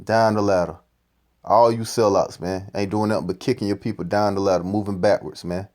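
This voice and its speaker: A man's voice: fairly low pitch, fairly even intonation, fairly quick, a little mellow. A man giving profane, ranting scripture commentary, repeating "man" at the end of phrases. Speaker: street-style preacher commenting on a clip.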